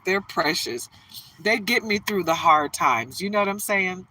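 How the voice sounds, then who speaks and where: Bright-voiced chatty woman reader. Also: lowish voice, expressive, measured pace, dry recording, recorded from a distance, low-quality recording. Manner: chatty, laughs often, drifts into storytelling. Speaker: tarot reader. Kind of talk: casual reading and chat.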